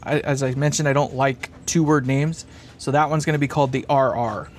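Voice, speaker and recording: A man's voice: mid-range voice, fairly even intonation, fairly quick, a little hiss or hum. Rambling man on a live stream. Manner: rambling, thinking aloud, chuckling often. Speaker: live-stream host building a guitar amp. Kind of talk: casual live-stream chat, reading comments. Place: workshop bench.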